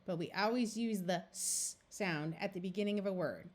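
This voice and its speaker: A woman's voice: medium pitch, lively intonation, a little slow, hardly any pauses. A woman reading tutor teaching a phonics lesson, patiently sounding out letters and words one by one.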